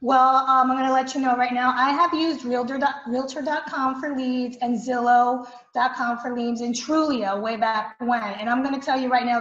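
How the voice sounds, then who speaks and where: High-pitched woman giving an effusive testimonial, roomy dull recording. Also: a bit bright. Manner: emphatic and effusive. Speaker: student and client giving a testimonial. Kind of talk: enthusiastic testimonial. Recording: echoey room, dull lo-fi sound.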